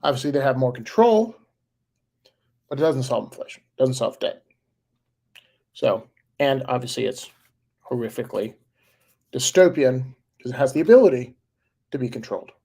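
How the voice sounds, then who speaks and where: A man in his forties chats casually on a live stream, reading viewer comments and answering them in a rambling way full of fillers and chuckles. His mid-range voice is gravelly, mellow and expressive, at a moderate pace with long pauses.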